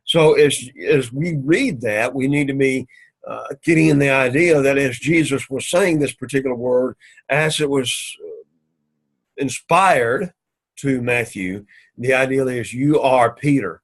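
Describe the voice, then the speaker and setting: A man teaching an introductory Greek class, explaining line by line and sounding out Greek words slowly and carefully. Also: medium pitch, poor audio. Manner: methodical, repeats "so again", slow careful Greek pronunciation. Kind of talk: recorded class lecture.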